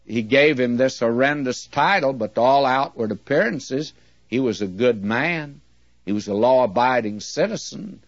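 A man preaching a sermon in a measured, earnest way, with slow, emphatic readings. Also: mid-range voice, lively intonation, no room sound. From United States. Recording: dull, dry lo-fi recording.

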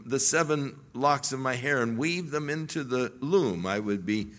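A man's voice: medium pitch, measured pace, a bit bright, natural voice. A preacher doing a strong man's offhand boast.

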